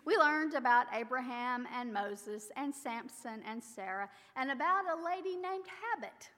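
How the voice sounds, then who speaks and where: A woman's voice: sits high, animated, unhurried, bright, forceful tone, in a large hall, exaggerated voice. A woman playing an eager, innocent little girl in a sing-song voice, telling a story within a sermon.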